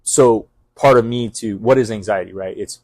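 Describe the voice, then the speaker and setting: A middle-aged man with a fairly low voice talks fast and intensely, circling back with restarts and fillers. The sound is dry and close, and his manner is that of a casual podcast chat. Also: a little mellow, no echo. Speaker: fire captain.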